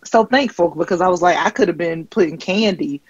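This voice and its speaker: A woman comedian doing a stand-up set, deadpan and rambling with filler ums. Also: fairly low pitch, a little fast, husky, no echo, lo-fi sound. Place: comedy stage.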